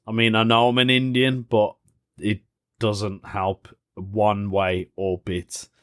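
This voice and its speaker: A man's voice: on the low side, level tone, takes it slowly, a bit bright, clear, resonant tone. Chatty man laughing at himself. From United Kingdom. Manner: chatty and rambling, laughs often at his own jokes. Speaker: podcast host. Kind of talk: casual solo podcast chat.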